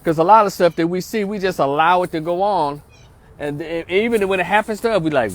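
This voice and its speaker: Middle-aged man, somewhat high voice, slangy storyteller who checks in with listeners. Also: animated, brisk, a little hiss or hum. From North Memphis, Tennessee. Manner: slangy, streetwise, asks listeners for agreement. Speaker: social worker and vlogger. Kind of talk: casual storytelling monologue turning to preaching.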